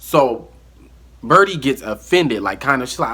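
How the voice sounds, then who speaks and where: A man telling a story from his life in a casual vlog monologue, animated and acting out the dialogue. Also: mid-range voice, a little slow, breathy edge.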